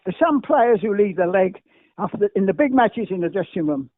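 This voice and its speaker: A man's voice: high voice, lively intonation, a little fast, dry recording. Older man with a tinny phone-like sound. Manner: emphatic, repetitive, rambling anecdotes. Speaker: guest. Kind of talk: anecdotal interview storytelling.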